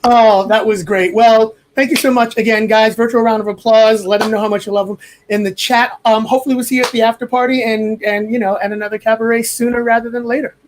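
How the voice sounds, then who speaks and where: A woman's voice: fairly high pitch, steady tone, fast talker, hardly any pauses, slight background noise. Gushing woman co-hosting a stream. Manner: enthusiastic, gushing. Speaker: cabaret co-host. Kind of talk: live-stream hosting chat.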